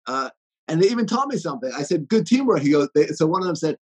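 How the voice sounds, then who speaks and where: Man, high-pitched, husky, inspirational storytelling talk, fillers and restarts. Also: racing, poor audio.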